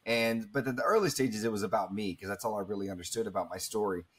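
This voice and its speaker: Husky, earnest man telling his story. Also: fairly low pitch, fast, a bit bright. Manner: earnest and reflective, with many fillers and restarts. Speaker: guest speaker. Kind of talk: candid storytelling interview.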